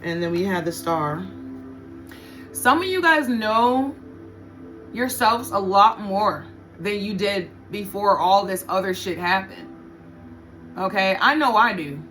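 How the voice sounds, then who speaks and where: A woman's voice: mid-range voice, animated, takes it slowly, pauses often, a bit bright, faint music behind. A woman giving a casual tarot reading to her viewers, blunt and profane, often repeating her points for emphasis. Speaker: tarot reader.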